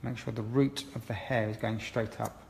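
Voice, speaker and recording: Gravelly-voiced man teaching a haircut in an echoey salon. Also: medium pitch, fairly even intonation, moderate pace, darkish tone, a little hiss or hum. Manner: chatty, encouraging, explains step by step. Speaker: hairdressing educator. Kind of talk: live-streamed haircut tutorial. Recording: roomy echo with long reverb and faint ambience.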